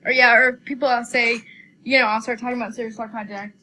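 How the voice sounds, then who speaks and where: Bright-voiced young woman, chatty. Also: a little high, quick pace. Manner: chatty, animated when quoting people. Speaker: dog trainer. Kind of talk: casual chat.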